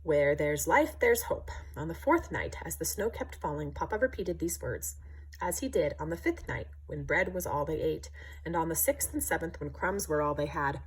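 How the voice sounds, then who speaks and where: A woman reading a children's picture book aloud in an expressive, sing-song way. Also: deep voice, normal speed, husky. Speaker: children's story reader. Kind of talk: storybook read-aloud.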